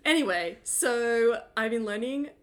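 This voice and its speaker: A giggly woman co-hosting a laid-back podcast chat. Her voice sits a little on the high side, and she keeps laughing at herself as she tells her stories. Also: animated, a little slow. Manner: giggly, self-mocking storyteller. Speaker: podcast co-host. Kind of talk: casual chat.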